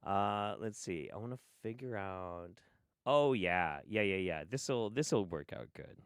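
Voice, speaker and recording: A man's voice: lowish voice, expressive, a little slow, clear, resonant tone, dry recording, studio quality. A man doing casual livestream commentary on clips, sarcastic and profane. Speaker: streamer reacting to clips. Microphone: studio mic.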